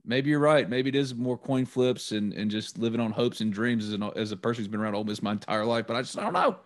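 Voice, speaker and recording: Man, podcast co-host, mid-pitched, conversational and hopeful. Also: fast talker. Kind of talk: casual sports talk.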